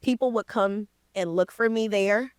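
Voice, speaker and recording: A woman's voice: mid-range voice, moderate pace, clear, resonant tone, no echo. A woman guest in an interview, telling a story in casual slang and acting out the people in it. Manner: lively storyteller, slangy, acts out quoted people. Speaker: interview guest, credit repair coach.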